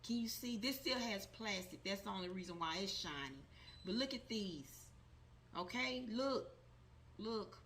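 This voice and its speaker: A woman's voice: mid-range voice, lively intonation, unhurried, fairly bright tone, slight background noise. A woman talking casually to her viewers, reviewing a deck of cards she bought and repeating her points with emphasis. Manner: emphatic, repeats herself, addresses viewers as guys. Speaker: tarot vlogger. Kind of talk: casual product review to camera.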